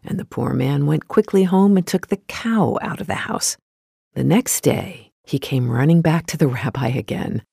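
A storyteller telling a folktale in a steady, gentle storybook narration. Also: medium pitch, normal speed, vocal fry, slightly rough, no echo, clean studio sound.

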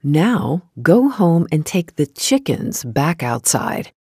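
A storyteller voicing a wise, patient old rabbi who speaks calmly and kindly in a storybook reading. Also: mid-range voice, husky, dry recording, clean studio sound. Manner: calm, measured, kindly.

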